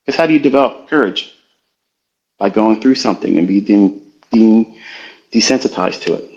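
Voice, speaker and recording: A man's voice: fairly low pitch, a little mellow. Earnest middle-aged man, muffled stream. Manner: earnest, confessional, slow and halting. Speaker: trading educator hosting a live audio room. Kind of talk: reflective motivational talk. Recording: slightly muffled online audio stream.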